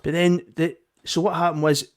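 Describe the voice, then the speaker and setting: A young Scottish man with a slightly higher voice tells a story in casual podcast chat. He gets animated, swears freely and acts out every side of the row himself. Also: normal speed. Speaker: podcast co-host.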